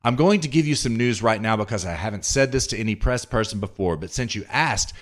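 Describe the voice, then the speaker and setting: A man's voice: lowish voice, animated, brisk, a bit bright. A man hosting a political commentary podcast, reading news excerpts aloud and reacting with sarcastic indignation. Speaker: podcast host.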